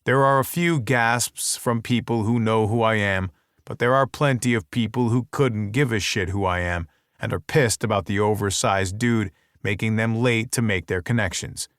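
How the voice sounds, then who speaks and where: A man with a fairly low voice reads a first-person romance audiobook, close to a studio mic in a dry, dead room. His delivery is wry and intimate, like private inner monologue. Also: moderate pace, fairly bright tone, no room sound. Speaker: audiobook narrator.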